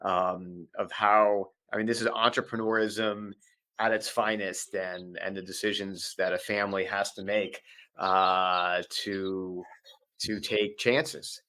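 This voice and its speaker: A man's voice: deep voice, level tone, slow, sharp tone. A man hosting an interview, speaking in a reassuring way to his guest. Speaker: podcast host. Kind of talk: interview chat.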